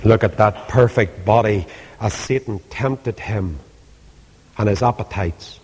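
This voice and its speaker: A man preaches with passion, dropping from loud pleading to hushed asides. He speaks slowly and deliberately. His voice rings with the long reverb of a big hall. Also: fairly low pitch, slightly rough. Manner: impassioned, swings between loud pleas and hushed asides. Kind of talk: sermon.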